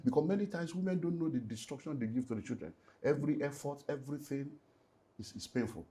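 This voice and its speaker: A middle-aged Nigerian-accented man, a pastor speaking candidly in conversation. His pitch sits in an ordinary middle range. He moves from quiet, heavy reflection to loud, forceful emphasis. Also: fast talker. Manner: emotional, rising to loud emphatic bursts. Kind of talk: candid personal testimony in conversation.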